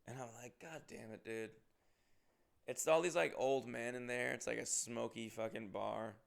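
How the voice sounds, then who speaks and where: Gravelly-voiced man telling a rowdy story. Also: medium pitch, normal speed. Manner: profane, animated, with bursts of loud emphasis. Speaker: comedian on tour. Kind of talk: casual storytelling monologue.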